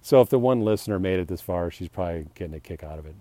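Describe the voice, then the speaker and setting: In a solo podcast, a man rambles through personal reflections, poking fun at himself, restarting sentences, and laughing at his own remarks while acting out heated comebacks. His low, mellow voice comes rapid-fire and animated, with no echo.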